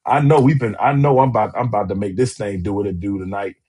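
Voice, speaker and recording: Male relationship host, husky voice, emphatic and repetitive, talks straight to a live audience. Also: on the low side, steady tone, fast talker, mellow. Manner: emphatic and repetitive, calling out to viewers. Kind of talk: live-streamed talk show.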